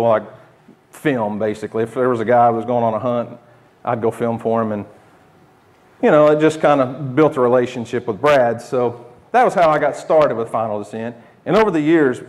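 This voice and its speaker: A man's voice: mid-range voice, darkish tone. A man in his thirties with an Oklahoma accent, telling a casual, rambling story to the camera with restarts and chuckles. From United States. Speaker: homesteading channel host.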